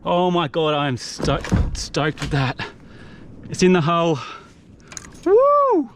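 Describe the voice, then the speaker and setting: Young male vlogger narrating his own kayak catch, pitched a little high and full of whoops, action-camera sound outdoors with faint noise. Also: measured pace. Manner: exuberant, whooping, breathless excitement. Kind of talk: excited live commentary while fishing.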